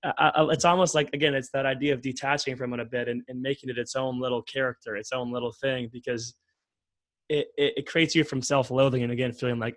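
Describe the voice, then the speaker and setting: A man's voice: medium pitch, steady tone, fast talker, no room sound. A male podcast host chats casually, laughing easily and letting thoughts trail off. His mid-range voice sits close and dry on the mic. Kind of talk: casual interview chat.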